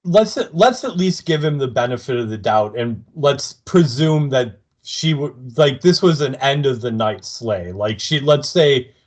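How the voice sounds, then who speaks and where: Male podcast co-host, casual chat, chimes in laughing, mid pitch. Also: expressive, measured pace, hardly any pauses, darkish tone. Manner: laughs often, chiming in and quoting lines. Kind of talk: casual chat recapping a TV episode.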